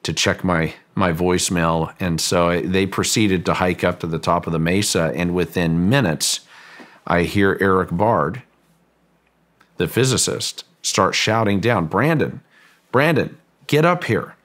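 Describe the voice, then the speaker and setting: A man being interviewed who recounts a story in a halting way and often repeats words as he goes. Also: low-pitched, fairly even intonation, fairly bright tone. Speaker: guest, ranch owner recounting a story.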